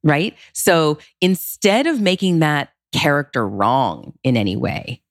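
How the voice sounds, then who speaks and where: Low-voiced expressive woman, dry sound. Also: slow pace, dry recording. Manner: expressive, emphatic with big pitch leaps. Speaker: relationship consultant. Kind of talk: podcast interview.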